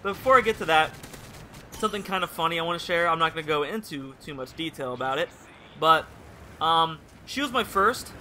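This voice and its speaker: A man's voice: fairly high pitch, animated, a little fast, bright, forceful tone, a little hiss or hum. A young man casually telling a rambling personal story over gameplay commentary, candid and swearing freely. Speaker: gaming channel host.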